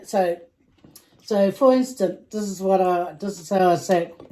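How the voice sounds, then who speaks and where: A woman's voice: mid-range voice, measured pace, rough recording. A woman hosting her own eating vlog, chatting casually and giggling as she talks. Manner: chatty and giggly, trails off into soft asides. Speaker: vlog host and mother. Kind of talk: casual chat while eating.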